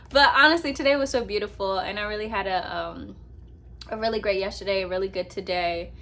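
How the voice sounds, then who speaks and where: A young woman vlogging casually from her apartment at night, telling a rambling, animated story to her laptop with many fillers. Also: medium pitch, moderate pace. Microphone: laptop with ring light.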